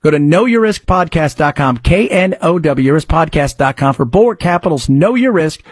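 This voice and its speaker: Male talk-radio host, husky, slightly high voice, conversational rambling. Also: expressive, dry recording, studio quality. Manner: rambling, conversational, quick ad patter. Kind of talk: radio talk commentary and live ad reads.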